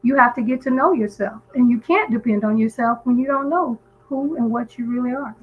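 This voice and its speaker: A woman's voice: on the high side, fairly quick, narrow, tinny audio, slight background noise. A woman calling in to a live stream, telling a story in an earnest, emphatic way with frequent restarts. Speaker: guest caller on a live stream. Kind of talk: casual call-in chat.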